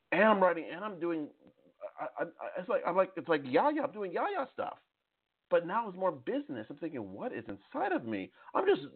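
Fifties guy preaching hard over a phone call, keeps stumbling and repeating himself, tinny sound. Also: fairly high pitch. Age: 50s. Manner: fervent, repeats words and restarts. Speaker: participant.

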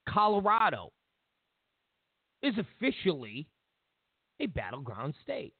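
A man hosting a political commentary show, ranting in a mocking, animated way over a phone line. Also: on the high side, slow pace, slightly rough, no room sound. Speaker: host.

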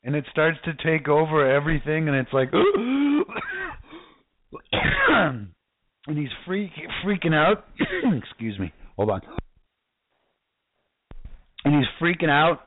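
A man's voice: a little high, moderate pace, no echo, narrow, tinny audio. A man preaching casually, reading scripture aloud and fervently calling out to his listeners. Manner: fervent, exclamatory, addresses listeners directly.

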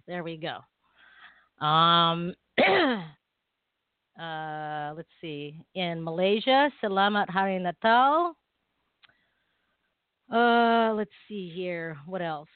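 A woman's voice: lowish voice, animated, very slow, long pauses, smooth, no echo. A woman from the Philippines co-hosting a casual talk radio show, giggling as she tries out holiday greetings. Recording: tinny phone-line sound.

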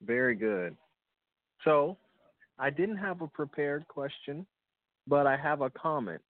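A man's voice: fairly high pitch, animated, measured pace, dry recording. A man calling in to a phone sermon, polite and tentative, working his comment out as he talks. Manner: polite, tentative, thinking aloud. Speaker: caller. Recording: dry, tinny phone line.

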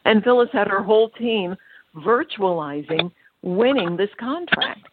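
A woman's voice: mid-range voice, lively intonation, measured pace, heavy background noise. A woman interview host who sums up her guest's point for the listeners. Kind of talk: host commentary to an audience. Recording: phone-like dry audio.

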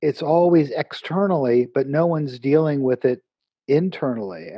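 Husky-voiced man telling a lively story. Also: on the high side, normal speed, dry recording, muffled recording. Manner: animated, acts out quoted dialogue. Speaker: author and guest. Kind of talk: storytelling in an interview.

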